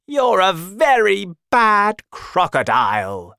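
A woman voicing an indignant elephant in a children's story, high and scolding. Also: huge pitch swings, slow, vocal fry, bright, forceful tone, no echo, clean studio sound, heavily acted. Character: indignant young male elephant.

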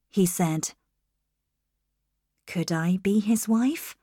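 Slow, careful woman audiobook narrator. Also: lowish voice, a little mellow, no room sound, clean studio sound. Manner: clear, careful, slow reading. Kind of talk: scripted first-person storybook narration.

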